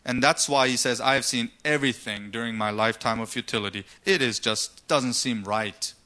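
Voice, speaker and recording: A man's voice: medium pitch, moderate pace, pushed and bright. A man preaching a sermon, asking rhetorical questions and retelling scripture stories dramatically. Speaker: pastor.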